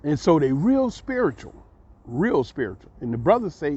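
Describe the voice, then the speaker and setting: A man telling a long personal story as a vlogger, animated and acting out the voices of the people in it. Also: fairly high pitch, normal speed, breathy edge. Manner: animated, acts out voices, laughs mid-story. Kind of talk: storytelling monologue. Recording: dull lo-fi recording.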